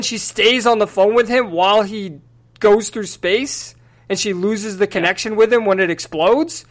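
A man's voice: high voice, moderate pace. Analytical man hosting a film podcast. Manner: analytical, animated when acting out scenes. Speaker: podcast host. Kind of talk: casual film discussion.

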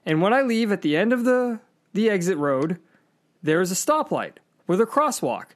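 A woman hosting a podcast, telling a story in casual chat with animated, profane energy. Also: medium pitch, normal speed. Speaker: podcast host.

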